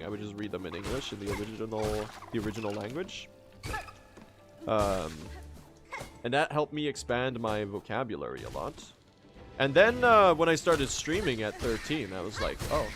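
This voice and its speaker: A man from Sweden with an American-sounding accent, chatting casually with his viewers while speedrunning a game and swearing now and then. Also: lowish voice. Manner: chatty, swears, answers chat questions. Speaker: streamer.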